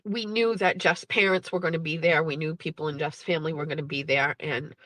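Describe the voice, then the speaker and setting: A woman's voice: sits low, steady tone, brisk, a bit bright, no room sound, rough recording. A woman host in her thirties, candidly telling a personal story with blunt, profane, emotional language. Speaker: podcast host.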